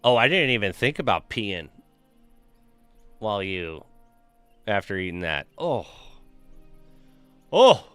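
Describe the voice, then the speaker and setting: A young man chats loosely through a game stream, swearing freely and joking as he tells stories and greets chat. His fairly low voice is bright and smooth, with a little music playing faintly behind him. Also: lively intonation, a little slow, long pauses, dry recording. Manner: loose, profane, joking storyteller reading chat. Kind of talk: casual stream chat with viewers.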